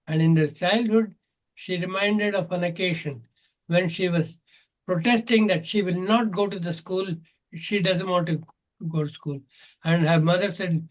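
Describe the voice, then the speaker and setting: Older indian guy with a high voice, earnest teacher telling stories. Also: fairly even intonation, unhurried, low-quality recording. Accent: Indian English. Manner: earnest, acts out dialogue in his stories. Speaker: guest speaker, natural health teacher. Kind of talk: storytelling advice in an online Q&A.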